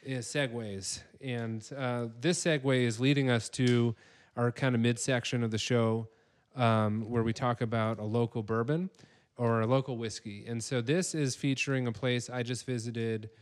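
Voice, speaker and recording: A man's voice: mid-range voice, steady tone, normal speed, few pauses. A man hosting a casual podcast chat, rambling and full of fillers. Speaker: podcast host.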